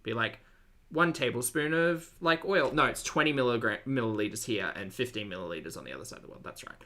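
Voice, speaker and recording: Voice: mid-range voice, fast talker, a bit bright. An Australian-accented streamer chatting casually to a live chat, with rambling asides and plenty of enthusiasm. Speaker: reaction streamer.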